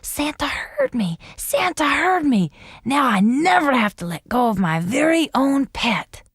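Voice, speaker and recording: A woman's voice: mid-range voice, very animated, moderate pace, pushed and bright, dry recording, clean studio sound. A woman reading a children's story and voicing an eager, hopeful little boy.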